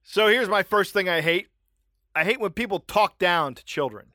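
A middle-aged man hosting a comedy podcast, ranting wryly and telling animated anecdotes. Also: sits high, normal speed, dry recording, studio quality. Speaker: podcast host. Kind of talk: casual comedic podcast chat and storytelling.

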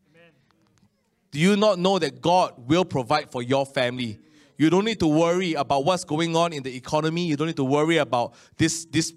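Preaching in a conversational way with frequent Amens, a middle-aged Singaporean English speaker delivers slow, emphatic phrases. His pitch is fairly high.

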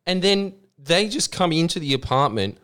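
A man's voice: a little high, moderate pace, clear, resonant tone. A man in casual conversation, telling a funny story and acting out the voices of the people in it. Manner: animated storyteller, acts out voices. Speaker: co-host. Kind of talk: casual chat.

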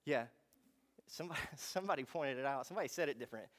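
A man preaching a sermon, moving between quiet reflection and fervent, emphatic passages. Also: mid-range voice, expressive, very fast. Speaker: pastor.

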